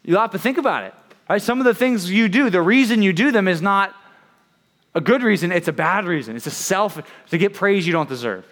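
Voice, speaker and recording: A man's voice: sits high, lively intonation, a little fast, fairly bright tone. A man preaching to young people in a conversational way, often asking "right?" and acting out the voices he quotes. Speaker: youth preacher.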